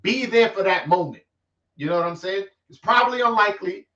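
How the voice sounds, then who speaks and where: Fields: Sex: man. Style: animated street-talk boxing chat. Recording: roomy, distant, lo-fi. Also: high voice, fairly quick. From New York. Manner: animated, streetwise slang, frequent restarts. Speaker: boxing vlogger host. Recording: roomy, distant, dull lo-fi sound.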